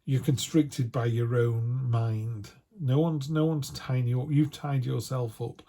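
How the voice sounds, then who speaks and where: A man's voice: medium pitch, fairly even intonation, slow, dark tone. A man giving a casual tarot reading, chatty and full of restarts. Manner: chatty, quotes imagined voices, frequent restarts. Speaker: tarot reader.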